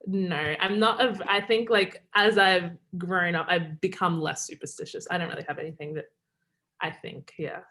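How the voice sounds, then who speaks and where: A young Australian woman who plays college basketball chats casually in a remote interview over video call, filling her speech with "like" and laughing often. Her voice sits on the low side with a fairly bright tone.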